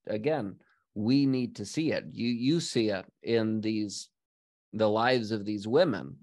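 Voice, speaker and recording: A man's voice: fairly low pitch, slow, a little mellow, no echo, clean studio sound. A man co-hosting a Christian podcast in casual chat, explaining his thoughts in a reflective way and often checking in with "right?". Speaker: podcast co-host.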